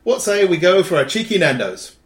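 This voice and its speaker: A man's voice: high-pitched, sing-song, brisk, pitched above the performer's own voice. A man voicing a boozy young male lad in a clumsy fake Cockney accent, hearty and overdone. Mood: jolly. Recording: roomy echo.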